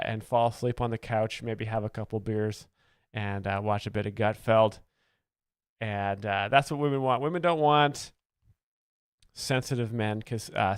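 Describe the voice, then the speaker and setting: A male host gives satirical commentary in a deadpan, mock-earnest tone, with plenty of ums and uhs. His voice sits at a middle pitch. The sound is close and dry. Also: smooth, no echo. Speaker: comedy video host.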